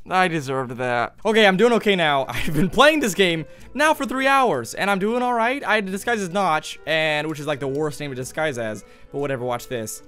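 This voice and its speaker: A man's voice: a little high, lively intonation, brisk, few pauses, sharp tone, smooth, soft background music. A man giving goofy, jokey commentary while playing a video game, exclaiming and talking to other players as he goes. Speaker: gaming YouTuber.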